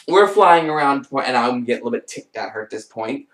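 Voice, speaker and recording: Young guy rambling thru his stories, animated, kinda far from the mic, echoey room. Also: quick pace, hardly any pauses, very noisy. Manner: rambling, animated, mimics others in high voices. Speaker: vlogger. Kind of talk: casual storytelling. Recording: roomy echo, off-mic.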